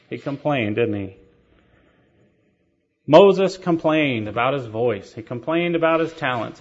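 A man's voice: fairly high pitch, expressive, a little slow, a bit bright. A man preaching a sermon, telling stories with rhetorical questions and light laughter. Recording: dull lo-fi sermon recording.

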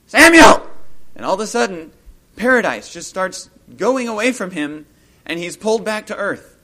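A man giving an informal Bible talk, musing aloud as he retells a scripture story and growing lively when he acts out the scenes. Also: high voice, moderate pace.

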